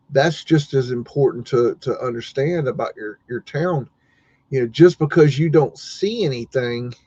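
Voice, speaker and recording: A man talking slowly and haltingly on a livestream, stopping often with fillers and restarts. His voice is mellow and dark, in a middle pitch. The sound is dry and close, and the stream audio is dull and lo-fi. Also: no room sound. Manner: hesitant, many fillers and restarts. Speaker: podcast co-host. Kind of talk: casual livestream chat while browsing maps.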